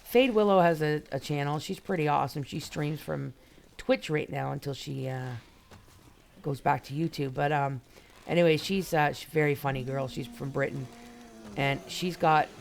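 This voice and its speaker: A woman streams a game and chats loosely with viewers, rambling and greeting them by name. Her low, creaky voice is a little mellow, and a faint hiss or hum can be heard.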